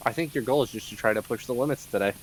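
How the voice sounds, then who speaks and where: A man's voice: medium pitch, very fast, a little hiss or hum, low-quality recording. A man hosting his own game stream, teasing his friends in casual chat. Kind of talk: casual chat while gaming.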